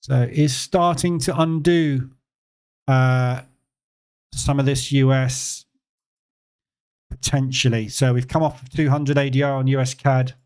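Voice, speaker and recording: A man hosts a live trading stream in a relaxed, conversational voice. He speaks at an ordinary mid pitch, repeats words for emphasis and fills pauses with ums and uhs. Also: smooth. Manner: relaxed, conversational, answers chat questions; emphatic repetition with frequent fillers. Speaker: trading educator hosting a live session. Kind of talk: live-stream market commentary.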